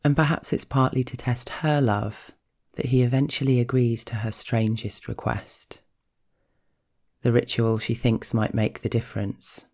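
Slow, gravelly male storyteller. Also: medium pitch, fairly even intonation. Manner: slow, hushed and measured. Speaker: narrator. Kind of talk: scripted story narration.

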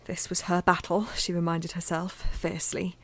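A woman reading a novel aloud in a measured, intimate way, sometimes dropping to a near-whisper. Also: fairly low pitch, level tone, fairly bright tone, dry recording. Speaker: audiobook narrator. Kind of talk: scripted fiction narration.

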